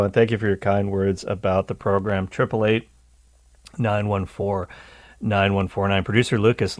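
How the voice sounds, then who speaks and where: A man's voice: on the low side, no room sound. A man hosting a call-in radio show, explaining things at length and laughing easily with callers. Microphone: studio microphone.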